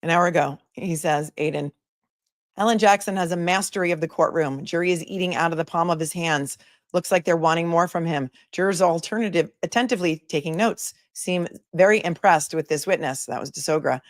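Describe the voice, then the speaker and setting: A woman's voice: on the low side, a little fast, no echo. Sarcastic chatty woman, dry close sound. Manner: chatty, sarcastic, reads viewer comments aloud. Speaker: attorney livestream commentator. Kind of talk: casual live commentary.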